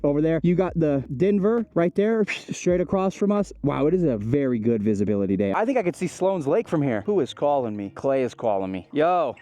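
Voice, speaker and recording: A young man vlogging outdoors while riding an e-bike up a mountain road, talking to a helmet camera in an excitable, exclamatory, chatty way. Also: fairly high pitch, brisk, hardly any pauses.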